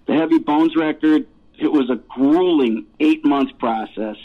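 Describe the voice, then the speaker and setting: A man's voice: on the high side, a little slow. A man in his fifties, a musician guest, telling rambling stories with laughs and swearing. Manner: rambling, laughing, profane storyteller. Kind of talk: casual storytelling interview. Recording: tinny phone-like line.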